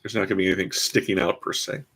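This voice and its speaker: A man's voice: low-pitched, little pitch movement, rapid-fire, a bit bright, husky. A man casually commenting as he builds a toy kit, rambling with dry, self-mocking asides. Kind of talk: casual live-stream commentary.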